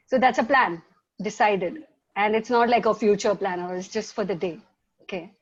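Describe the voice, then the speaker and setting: A woman's voice: mid-range voice, moderate pace. A woman facilitating a webinar, talking informally and rambling with lots of "like" and restarts. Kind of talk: informal motivational talk. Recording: dull lo-fi webinar audio.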